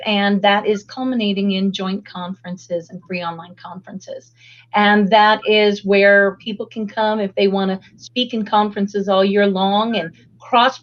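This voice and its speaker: A woman guest with a hoarse, raspy voice, talking in an upbeat way about her work in a casual interview. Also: medium pitch, muffled recording. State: hoarse after illness.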